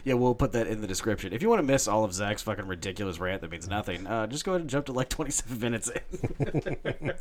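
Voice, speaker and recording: A man's voice: fairly low pitch, animated, brisk. Rambling, swearing podcast guy. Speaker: podcast co-host. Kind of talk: casual podcast chat.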